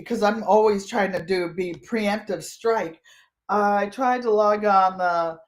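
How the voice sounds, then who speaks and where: An older woman from Connecticut, host of a quilting channel, telling a funny travel story in a casual, animated way and acting out the voices of people in it. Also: medium pitch. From Connecticut, USA. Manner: animated, comic, acts out voices in her story.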